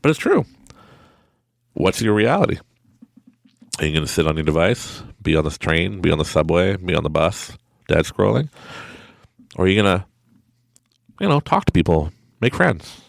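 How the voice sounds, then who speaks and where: A man's voice: deep voice, sing-song, normal speed, gravelly, long pauses, dry recording, clean studio sound. A man hosting a podcast, talking in a casual, upbeat motivational way, laughing often and acting out little voices. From Quebec, Canada. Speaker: podcast host.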